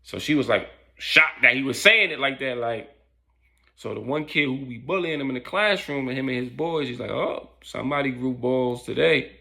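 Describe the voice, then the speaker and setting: A man's voice: medium pitch, normal speed, vocal fry, bright, forceful tone. A man casually telling a story in loose street slang, with lots of fillers.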